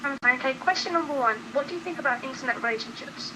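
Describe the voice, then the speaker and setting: Female caller, high-pitched, fast talker, courteous and soft-spoken. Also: a little hiss or hum, low-quality recording. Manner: polite, quiet, asks questions quickly.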